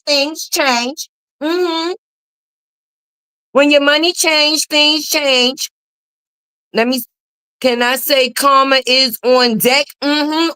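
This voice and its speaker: Sassy high-voiced woman dishing gossip. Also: fairly bright tone. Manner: sassy, emphatic, with frequent drawn-out mm-hmms; blunt and profane. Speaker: commentary channel host. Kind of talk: casual gossip commentary.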